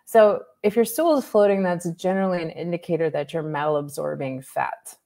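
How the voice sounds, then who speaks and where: Low-voiced woman doctor explaining animatedly. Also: normal speed. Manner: lively, explains with examples and asides. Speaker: naturopathic doctor, guest. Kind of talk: conversational expert explanation.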